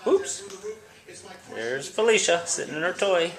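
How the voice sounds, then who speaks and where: A man's voice: on the high side, very animated, a little slow. A man filming his cats at home on a handheld camera, chatting casually and cooing at them in a raised voice. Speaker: cat owner filming his pets. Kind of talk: casual home video narration. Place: indoors at home.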